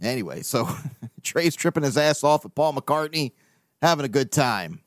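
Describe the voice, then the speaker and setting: A man's voice: medium pitch, lively intonation, normal speed, no room sound, clean studio sound. A man hosting a casual solo podcast, reading listener emails in a loose, rambling way, swearing casually and laughing often.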